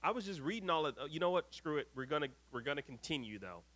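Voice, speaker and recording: A man hosting a live stream, reading viewer comments aloud with lively ups and downs and grumbling when his screen freezes. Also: fairly high pitch, fast talker. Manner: exasperated, grumbling at tech trouble. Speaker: host.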